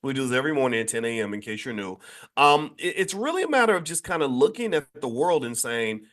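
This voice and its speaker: A man hosting a daily morning show, talking in an emphatic, animated monologue full of restarts and repeated words. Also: mid-range voice, quick pace. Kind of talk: casual monologue commentary.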